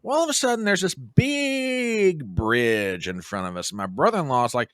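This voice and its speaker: With few pauses and a fairly quick delivery, this middle-aged American man tells a long travel story as a podcast guest, his mid-range voice acting out the quotes animatedly. It's casual storytelling, recorded in studio quality without echo.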